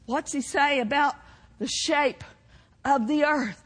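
A woman preaching a fervent sermon, shouting proclamations and exclaiming hallelujah. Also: high-pitched, slow pace, big-room sound.

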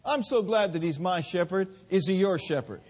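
A man preaching a sermon in a church, with call-and-response and drawn-out emphasis. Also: sits high, expressive, a little mellow.

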